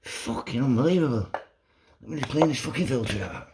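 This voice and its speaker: A man filming a do-it-yourself vlog while fixing a washing machine, excitable and swearing constantly. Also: medium pitch, brisk, background noise. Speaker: vlogger. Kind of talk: casual DIY vlog.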